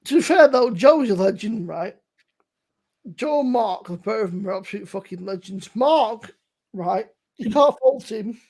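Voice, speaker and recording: A woman co-hosting a live beer review stream, teasing her friends loudly with plenty of swearing. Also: mid-range voice, expressive, a little slow. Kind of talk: casual live-stream banter.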